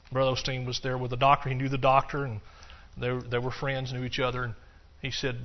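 A man's voice: medium pitch, level tone, quick pace, few pauses. A man preaching a sermon, emphatic and telling a story, with frequent restarts. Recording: dull lo-fi recording.

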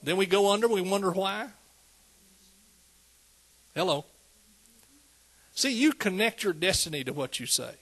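A man's voice: sits high, lively intonation, a little slow, pauses often, fairly bright tone, slightly rough. A man preaching a sermon, conversational and calling out to the congregation. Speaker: pastor.

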